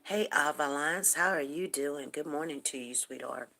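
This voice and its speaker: A woman in her fifties hosts a casual morning talk show, drifting from story to story in a loose, chatty way. Her voice sits low and gravelly, with a husky edge. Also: normal speed, sharp tone. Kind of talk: casual chat on a livestream.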